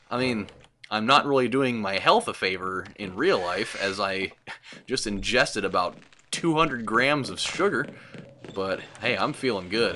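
A young man hosting a let's play, giving sarcastic, excitable gameplay commentary with frequent swearing. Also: mid-range voice, a little hiss or hum.

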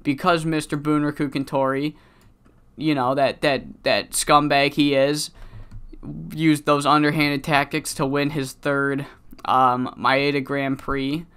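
A man's voice: a little high, flat delivery, slow pace, fairly bright tone, smooth. Sick-sounding man rambling over a game. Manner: rambling, profane, many fillers. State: sick, voice cracking. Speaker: let's-play commentator. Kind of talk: casual game commentary.

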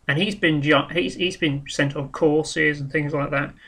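Male vlogger, forceful and bright in tone, candid, meandering, full of restarts. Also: a little high, steady tone, measured pace. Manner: rambling and frank, with many ums, restarts and swearing. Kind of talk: casual spoken monologue.

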